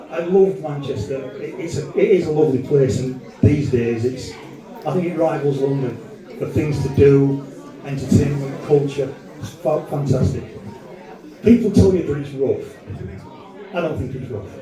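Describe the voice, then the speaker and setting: In a comedy club, a man from Wolverhampton performs a crude, rambling, self-mocking stand-up set. His voice is fairly high, unhurried and mellow, caught in an echoey room far from the mic.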